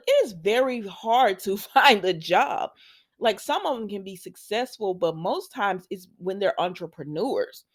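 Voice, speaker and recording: A woman hosting a casual recap vlog of a soap opera, talking straight to her viewers and acting out what the characters said. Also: mid-range voice. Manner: animated storytelling, acts out the quoted lines; chatty and informal, talks straight to viewers.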